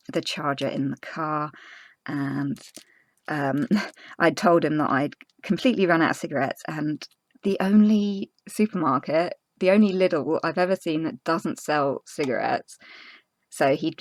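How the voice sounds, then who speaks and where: A young woman, a crafting vlogger telling a personal story in casual chat, earnest and halting with many fillers and restarts. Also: deep voice, dry recording.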